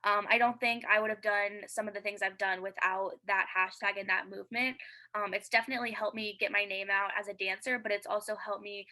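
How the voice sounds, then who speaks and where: Bright, eager young-sounding woman guest. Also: mid-range voice, level tone, a little fast, rough recording. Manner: eager and chatty, many fillers; earnest and heartfelt. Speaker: interview guest, dancer. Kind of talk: casual interview chat.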